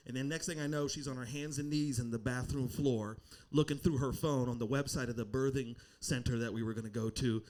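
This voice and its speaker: A man's voice: mid-range voice, fairly quick. A young adult man performing a standup comedy set on a club stage, telling a story and acting out the people in it. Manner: animated storytelling, acting out voices.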